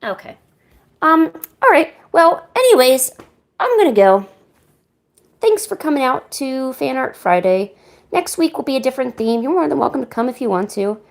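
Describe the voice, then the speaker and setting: A woman streamer chats to her cats between drawing sessions, coaxing and teasing them. Her voice sits high and swings widely, with a gravelly fry in the quieter moments. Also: big pitch swings, moderate pace. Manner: coaxing and playful with pets, soft asides. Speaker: art streamer.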